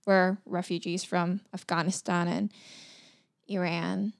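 Woman guest w a bit of fry, lots of um and like, chatty. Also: fairly low pitch, flat delivery, slow pace. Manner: hesitant, lots of "um" and "like". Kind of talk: casual chat.

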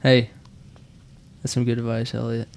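A man with a Midwestern American accent hosts a casual podcast, gently prompting his young son and chuckling often. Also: mid-range voice, monotone, normal speed, vocal fry. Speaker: podcast host.

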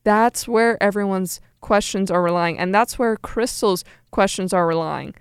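Young woman podcast cohost, smooth clear voice, dry close sound, gets animated. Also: mid-range voice, measured pace, no echo. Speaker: podcast co-host. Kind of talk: casual chat recapping a reality show.

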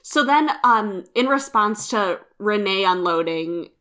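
A woman's voice: mid-range voice, takes it slowly. Young woman co-host, easygoing and agreeable, keeps the recap moving. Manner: relaxed, agreeable, steers back to notes. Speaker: podcast co-host. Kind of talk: casual chat.

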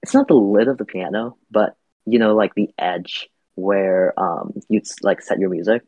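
Husky guy on a podcast, lots of ums and restarts, kinda low voice, dull dry audio. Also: moderate pace, a little mellow, dry recording. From Vietnam. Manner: thoughtful, hesitant, with frequent fillers and restarts. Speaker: podcast guest. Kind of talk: reflective podcast conversation.

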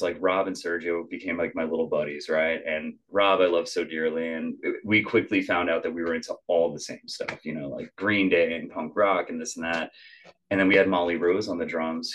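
A young adult man, a musician guest on a podcast, telling a story in casual chat, acting out quotes with lots of "like" fillers. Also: deep voice. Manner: animated, acts out quotes, many "like" fillers.

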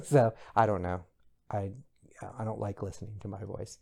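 A middle-aged man hosting a podcast, chatting in a gossipy, expressive way with bursts of high exclamation. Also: moderate pace, creaky. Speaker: podcast host. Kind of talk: casual pop culture commentary.

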